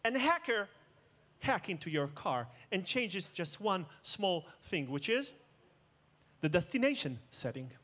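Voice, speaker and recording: A man's voice: sits high, sing-song, measured pace, a bit bright. A man giving a keynote talk, mixing jokes with dramatic storytelling. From Israel. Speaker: conference speaker. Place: outdoor festival main stage.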